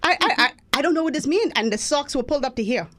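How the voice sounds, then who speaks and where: A woman from the Bahamas co-hosting a radio talk show, chatting casually and telling stories in a lively, laughing way. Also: sits high, quick pace. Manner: lively storytelling, animated and laughing. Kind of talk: casual chat.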